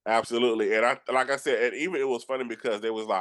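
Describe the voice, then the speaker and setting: A man from Georgia with a Southern accent, hosting a casual chat and telling animated stories with many restarts. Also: medium pitch, very fast. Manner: animated storyteller with frequent restarts, acts out quotes. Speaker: podcast host.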